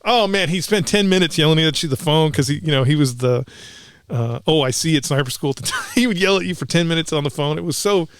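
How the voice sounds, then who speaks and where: A man's voice: fairly high pitch, expressive, quick pace, no room sound, studio quality. A man, a former Marine, telling rambling military anecdotes on a podcast with many restarts and acted-out quotes. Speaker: podcast co-host. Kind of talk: casual storytelling chat.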